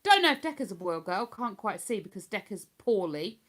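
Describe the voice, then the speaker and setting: A woman's voice: mid-range voice, very animated, fairly quick, fairly bright tone. An older woman from Hertfordshire with an accent between posh and London, chatting casually on a livestream and answering viewer comments. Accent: Hertfordshire English, between posh and London. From Hertfordshire, England. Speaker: livestream host.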